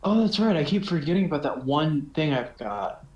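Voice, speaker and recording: A man playing in a tabletop game over voice chat, eager and quick to laugh. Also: on the high side, big pitch swings, muffled recording. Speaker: player. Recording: echoey room on voice-chat mic.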